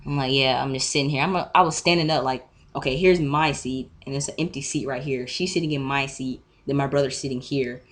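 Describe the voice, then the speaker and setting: Teen girl vlogging on her webcam, low voice, cussing a lot, acting out both sides of the argument. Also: brisk. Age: teens. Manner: animated, profane, acts out both sides of an argument. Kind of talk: casual storytime rant.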